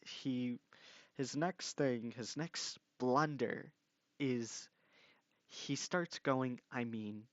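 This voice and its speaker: A young commentary YouTuber speaks very slowly in a medium-pitched voice while ranting at an opponent. He is exasperated, mocking and full of swearing. The audio is lo-fi, dull and dry, with no echo.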